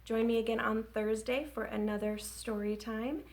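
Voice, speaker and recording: A woman children's librarian leading story time, gentle and expressive. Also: a little high, normal speed, creaky. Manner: gentle, expressive, engaging kids.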